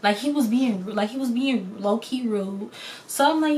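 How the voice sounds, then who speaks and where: A young adult woman telling a story in a casual, blunt and animated way, acting out the lines of the people in it. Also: mid-range voice, normal speed, slight background noise. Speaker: vlogger.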